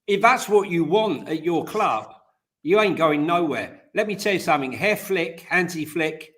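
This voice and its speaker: A man co-hosting a casual football chat, animated and opinionated, with slang. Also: on the high side, normal speed. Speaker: co-host of a football news show.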